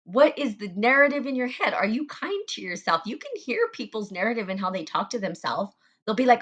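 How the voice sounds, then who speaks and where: A woman's voice: mid-range voice, very animated, a little fast, a bit bright. A woman hosting a spiritual group talk, speaking earnestly about self-love, repeating phrases and using fillers. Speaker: podcast host.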